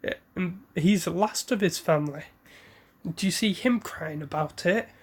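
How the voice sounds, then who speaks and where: A man's voice: high voice, normal speed, slightly rough. A man doing Naruto, a blunt teen ninja boy. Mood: scolding. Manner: scolding, matter-of-fact.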